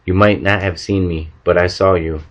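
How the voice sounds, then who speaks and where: A gentle, loving husband from a storybook speaks softly and without fuss, read by a man in his own voice. The voice sits very low, and the recording has a dull, muffled, lo-fi tone. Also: steady tone, moderate pace, natural voice. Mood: tender.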